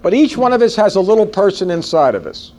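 A man in his forties giving a sales training seminar to a live audience, animated and folksy, often turning to ask the room questions. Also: high voice, fast talker, slight background noise.

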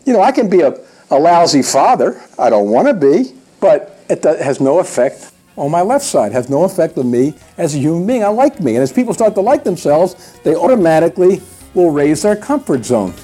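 Folksy, animated sales trainer, husky man. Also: fairly high pitch, brisk, faint music behind. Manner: folksy, emphatic, talks straight to the audience. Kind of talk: motivational seminar talk.

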